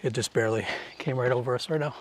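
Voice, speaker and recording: A man's voice: medium pitch, quick pace, a little hiss or hum. Young man, hiking vlog, outdoor mountain trail, handheld camera mic, casual rambling talk. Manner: chatty and rambling, full of "like". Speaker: hiking vlogger.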